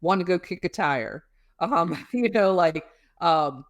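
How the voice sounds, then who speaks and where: A woman's voice: fairly low pitch, lively intonation, takes it slowly, no echo. A woman speaking as a guest on an interview show, explaining emotions in a conversational way with many fillers and homely images. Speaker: guest expert on emotional regulation. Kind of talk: casual explanatory interview talk.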